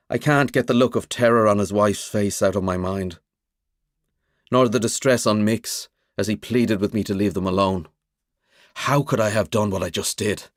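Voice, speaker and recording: A man's voice: on the low side, no echo, studio quality. A man narrating a suspense audiobook in the first person, telling it dramatically. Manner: expressive, dramatic storytelling.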